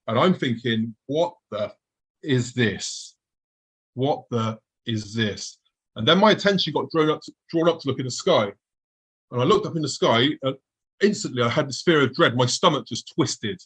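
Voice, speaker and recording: Guest: husky-voiced man, middle pitch, telling a story vividly. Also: lively intonation, a little fast, fairly bright tone, rough recording. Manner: vivid storytelling, acting out his own past thoughts. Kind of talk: recounting a personal encounter.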